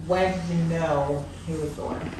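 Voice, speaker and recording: A woman hosting a talk show, introducing her guest and asking questions in a slow, supportive way. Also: deep voice, fairly even intonation, roomy sound, noisy background. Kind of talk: casual interview.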